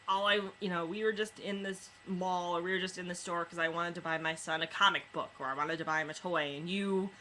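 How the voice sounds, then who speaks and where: Woman doing a vengeful old vampire guy, low and accusing, bit of background hiss. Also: fairly even intonation, a little fast, hardly any pauses, bright, forceful tone. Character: grandfatherly male vampire, vengeful.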